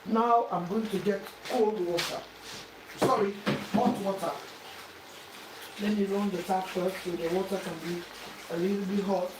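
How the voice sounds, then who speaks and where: A woman's voice: medium pitch, fairly even intonation, measured pace. A woman giving a cooking demonstration in her home kitchen, talking the viewer through each step and repeating instructions over and over. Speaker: home cook. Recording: echoey kitchen with frying noise.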